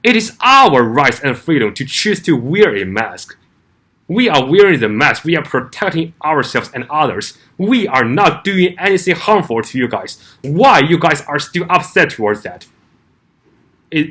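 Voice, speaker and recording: A man's voice: fairly high pitch, fairly bright tone. A man delivering an argumentative opinion vlog, firing off rhetorical questions and often restarting his words. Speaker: commentary vlogger.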